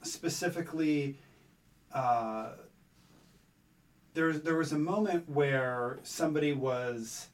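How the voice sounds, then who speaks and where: A man with a fairly high voice, sitting a little back from the mic, chatting on a podcast about tabletop games. He rambles and restarts his sentences, then speeds up and gets animated when he lands a point. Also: slow pace, long pauses, distant mic. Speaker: podcast co-host.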